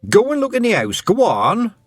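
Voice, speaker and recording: A man voicing a frantic middle-aged farm mother who speaks urgently and loudly. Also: very high voice, huge pitch swings, moderate pace, dry recording, studio quality, faint music behind, pitched above the performer's own voice, exaggerated voice. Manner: urgent, loud, demanding.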